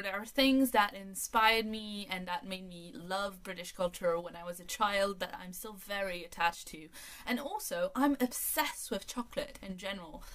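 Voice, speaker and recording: A woman's voice: a little high, fairly bright tone. A woman in her thirties from France, her first language French, reading out tag questions and answering them in a chatty, enthusiastic way. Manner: chatty and enthusiastic, reads each question aloud. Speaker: book vlogger. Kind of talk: casual tag video answers.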